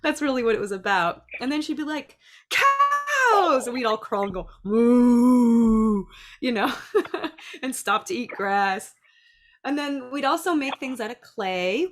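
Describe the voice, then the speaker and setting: A woman's voice: fairly high pitch, normal speed. Chatty middle-aged woman teacher. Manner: chatty, lively, acts out little voices. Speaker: dance and preschool teacher. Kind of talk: casual talk.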